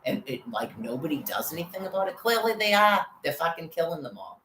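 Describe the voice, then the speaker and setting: This woman vlogger has a low, fairly bright voice with a sing-song lilt, and she talks fairly quickly. Agitated, she rambles through a profane personal story about being harassed, recorded in a roomy space with faint background noise.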